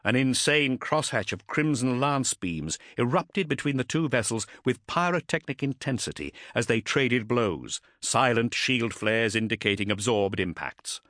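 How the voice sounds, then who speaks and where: A man's voice: mid-range voice, expressive, measured pace, hardly any pauses, fairly bright tone, no echo, clean studio sound. A man reading an audiobook in dramatic, vivid scripted narration.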